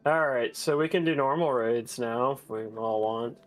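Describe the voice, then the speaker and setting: A man's voice: medium pitch, moderate pace. A man streaming an online game, chatting casually with friends and explaining boss tactics, laughing often. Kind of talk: casual gaming chat with friends. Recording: faint game music behind.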